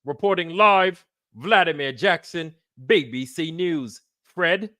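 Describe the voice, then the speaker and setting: A man's voice: fairly high pitch, animated, takes it slowly, bright, forceful tone, no room sound, clean studio sound, voice pushed up, exaggerated voice. A man doing a mock British accent, voicing a pompous male TV news reporter with a formal newsreader delivery. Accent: put-on British.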